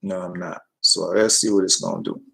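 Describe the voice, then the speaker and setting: A man's voice: sits low, big pitch swings, a little fast, creaky, sharp tone, low-quality recording. A man preaching in a rambling, folksy way, talking straight to his listeners and reading scripture between tangents. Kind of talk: informal livestream preaching.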